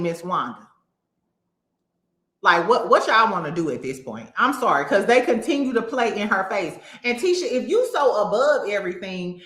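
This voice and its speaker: A woman hosting a casual reality TV commentary, blunt and sassy, cursing freely and mocking people with quick impressions. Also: on the high side, a bit bright, reverberant.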